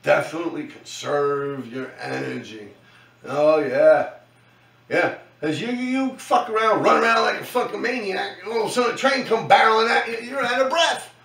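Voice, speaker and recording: A middle-aged man with a New York accent tells stories in a loose, profane monologue full of slang. His voice sits a bit high and sounds bright and tense. He is some distance from the mic in an echoey room. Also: moderate pace, gravelly. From New York City. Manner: profane, slangy, keeps tagging lines with "man". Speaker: host recounting his graffiti days. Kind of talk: casual storytelling monologue.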